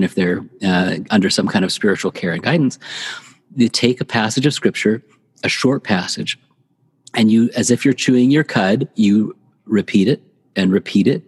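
Man, podcast guest, husky voice, explanatory, long reverb. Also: lowish voice, normal speed. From United States. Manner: thoughtful, explanatory, repeats phrases for emphasis. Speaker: author and guest. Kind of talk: podcast interview, reflective teaching.

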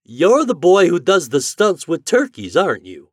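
A man voicing a well-dressed gentleman who talks briskly and persuasively. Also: high voice, wildly swooping pitch, no room sound, clean studio sound, voice pushed up, exaggerated voice.

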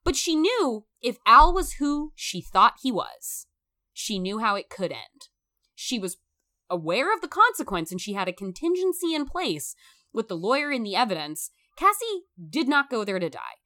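Bright, animated woman discussing a film. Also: on the high side, moderate pace. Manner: animated, emphatic, swears freely.

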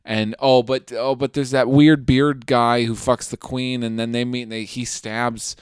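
A man's voice: medium pitch, flat delivery, unhurried, smooth, no room sound, studio quality. Rambling, jokey young man co-host. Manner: rambling, jokey, swears freely. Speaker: podcast co-host. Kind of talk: casual comedic recap chat.

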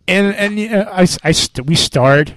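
A man's voice: high-pitched, a bit bright, no room sound. A young man co-hosting a podcast, telling a story animatedly in casual chat, swearing and acting out his own lines. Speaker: podcast co-host.

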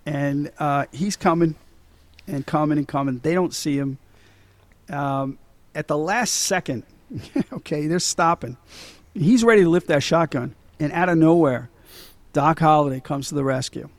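A man's voice: on the high side, unhurried, dry recording. Laughing, swearing middle-aged man. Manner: laughs often, swears freely, retells scenes animatedly. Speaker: podcast co-host. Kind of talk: casual movie chat.

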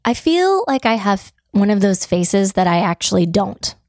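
A woman co-hosting a casual chat, sounding rough and croaky today, chatty and self-deprecating. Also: medium pitch, sing-song, moderate pace, a little mellow, no echo, studio quality. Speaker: podcast co-host.

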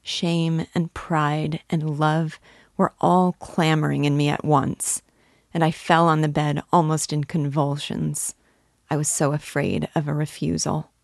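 Slow, gravelly woman reading a novel aloud. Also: deep voice, no room sound, clean studio sound. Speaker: reader. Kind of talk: literary reading.

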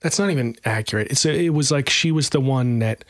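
A man co-hosting a podcast in a loose, rambling way, stumbling through fillers and poking fun at himself. His voice sits at an ordinary pitch in a dry, close recording. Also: fairly quick, dry recording. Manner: rambling, self-deprecating, full of fillers. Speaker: podcast co-host. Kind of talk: casual chat.

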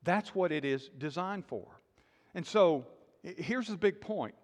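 A male pastor preaching a sermon, emphatic and questioning the congregation, dropping to quiet intensity. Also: sits high, animated, measured pace, big-room sound.

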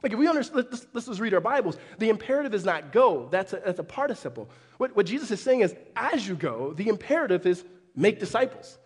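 A man preaching a sermon as pastor, animated, with frequent restarts. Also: high-pitched, quick pace, husky. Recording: long hall reverb.

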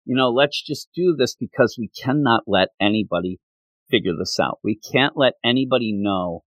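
A man voicing a guarded young heroine in a firm, low-key way, without raising his pitch. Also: normal speed, no echo, close to an everyday voice. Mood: firm, cautious.

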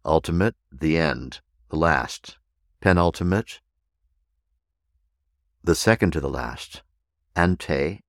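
A man hosting a podcast and teaching meditation, speaking deliberately and spelling out words letter by letter. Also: a bass voice, no room sound, studio quality.

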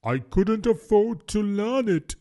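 A man voicing a sorrowful, self-pitying male Mock Turtle in a storybook reading, talking slowly and mournfully. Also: fairly high pitch, expressive, mellow, pitched above the performer's own voice. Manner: slow, mournful, sighing.

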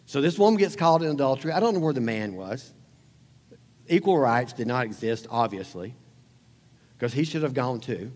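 A man preaching a sermon as pastor, conversational and animated, acting out scenes and closing in prayer. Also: medium pitch, moderate pace, pauses often, big-room sound.

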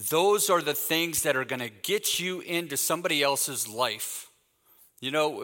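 In a church hall with a long, ringing reverb, a Texan guest speaker in his fifties weaves lively anecdotes into his sermon. His voice is bright and fairly high, and he performs both sides of every conversation he recounts.

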